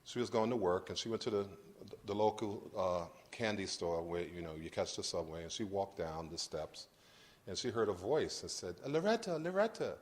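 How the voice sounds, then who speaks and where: A middle-aged man from Brooklyn, giving a lecture about his life in a conversational, halting way with frequent restarts. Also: deep voice. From Brooklyn, New York. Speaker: guest lecturer. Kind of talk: personal storytelling lecture.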